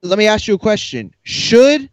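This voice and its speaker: A man's voice: high-pitched, very animated, normal speed, dry recording. A male fighter arguing heatedly, dismissive and sarcastic, cutting in on the other man. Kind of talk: heated argument.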